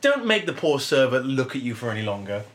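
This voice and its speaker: A man's voice: mid-range voice, sing-song, fast, a bit bright. Young guy ranting, opinionated, casual chat.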